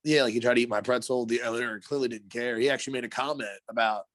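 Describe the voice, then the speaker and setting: A man's voice: medium pitch, fairly even intonation, quick pace, a bit bright, dry recording. A man co-hosting a podcast, telling a long story in a rambling, profane way, full of fillers. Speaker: podcast co-host. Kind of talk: casual storytelling.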